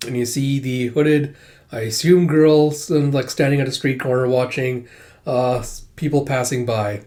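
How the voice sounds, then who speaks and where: A young man casually reading through a manga and commenting, chatty and quick to laugh. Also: mid-range voice, steady tone, darkish tone. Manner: chatty, laughs often, says 'he's like' a lot. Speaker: manga reader. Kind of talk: casual read-along commentary.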